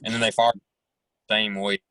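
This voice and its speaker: A young man speaking as a guest over a video call, talking haltingly with many "like" and "I mean" fillers. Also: fairly low pitch, level tone, pushed and bright, no room sound, poor audio. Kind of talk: casual chat.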